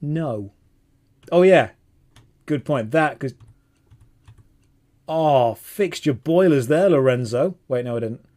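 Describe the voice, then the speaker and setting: A man streaming a game, chatting casually with viewers in an animated, self-mocking way. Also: medium pitch, takes it slowly, pauses often. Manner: animated, self-mocking, jumps between chat and gameplay. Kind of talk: casual live-stream chat while gaming.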